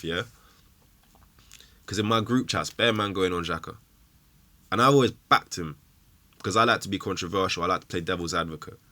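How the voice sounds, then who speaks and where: Male fan-show host, low-pitched and bright, angry emotional ranting. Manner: angry, swearing, emphatic rant.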